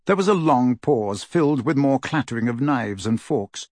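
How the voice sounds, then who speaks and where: This male audiobook narrator has a husky, mid-range voice and reads at a moderate pace in an expressive storytelling style. The recording is clean studio sound with no room sound.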